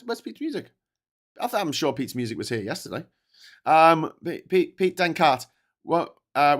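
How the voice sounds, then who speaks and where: Man with a posh Scouse accent, rambling and sweary. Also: medium pitch. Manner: rambling, sweary, stop-start with many restarts; reads and answers live chat messages. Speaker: political livestream host. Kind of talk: casual live-stream commentary.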